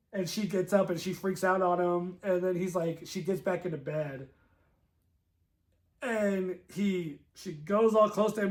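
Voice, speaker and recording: A man co-hosting a movie review, retelling scenes in a casual, excitable way with many fillers. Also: high-pitched. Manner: excitable, filler-heavy storytelling with lots of "like". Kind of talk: casual chat.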